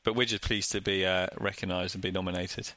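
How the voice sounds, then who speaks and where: A man's voice: low voice, fairly even intonation, a little fast, bright, forceful tone, no echo. A man co-hosting a podcast, chatting casually and explaining things in an easygoing, earnest way. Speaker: podcast co-host.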